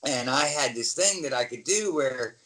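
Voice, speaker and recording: A man's voice: medium pitch, moderate pace, poor audio. A middle-aged American man, a former pro wrestler, telling stories in a casual interview and acting out the voices of the people in them. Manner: animated storyteller, acts out quoted voices.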